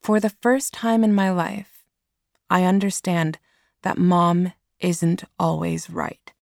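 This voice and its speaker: A woman narrating a storybook in the first person, in a slow, measured reading. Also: on the low side, flat delivery, creaky, a little mellow, no echo, studio quality. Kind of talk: scripted audiobook narration.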